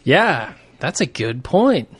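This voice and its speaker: A man co-hosting a casual podcast, laughing often and tossing in quick wisecracks. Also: on the high side, sing-song, a bit bright, husky, dry recording. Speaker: podcast co-host.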